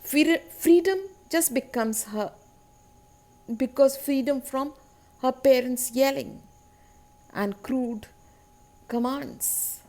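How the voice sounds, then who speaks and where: A woman teacher giving a literature lesson on a poem, explaining slowly and deliberately, repeating key words and asking rhetorical tag questions. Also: high voice, a little mellow.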